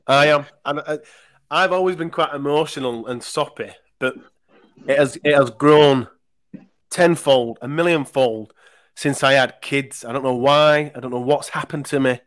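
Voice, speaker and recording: A man's voice: mid-range voice, moderate pace, a bit bright. A man in his thirties hosting a podcast, telling rambling emotional stories in casual chat and swearing freely.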